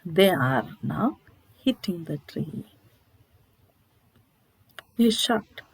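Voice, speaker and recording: A woman's voice: lowish voice, lively intonation, drawn-out words, gravelly, husky, dry recording, poor audio. A woman teacher retelling a short story in a literature lesson, asking herself questions and checking in with "okay?". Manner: explanatory, asks rhetorical questions, checks with "okay?".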